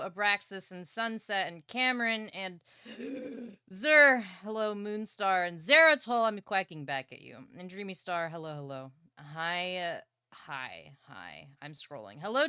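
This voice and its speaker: A young woman livestreaming from her partner's home setup, chatting excitedly and playfully about books and swearing casually. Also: medium pitch, smooth, no room sound, studio quality.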